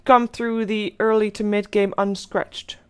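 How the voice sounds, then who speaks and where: A woman's voice: mid-range voice, level tone, unhurried, clean tone. A woman casting a live esports match as play-by-play commentator, chatty and thinking aloud. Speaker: esports caster.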